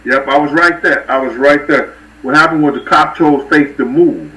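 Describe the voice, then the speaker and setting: A man telling rambling street stories and giving shout-outs to viewers on a casual livestream. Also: on the high side, normal speed, far from the mic, poor audio. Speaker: livestream host.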